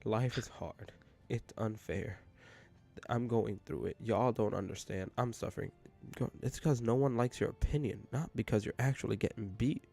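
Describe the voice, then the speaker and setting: Casual podcast co-host: young man, low and gravelly, rambling jokes. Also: normal speed, darkish tone. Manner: joking, rambling, laughs often. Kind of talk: casual chat.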